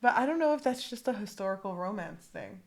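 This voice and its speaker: A woman's voice: mid-range voice, animated, fast talker. A woman co-hosting a podcast, swearing freely and acting out quotes in casual book chat. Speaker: podcast co-host.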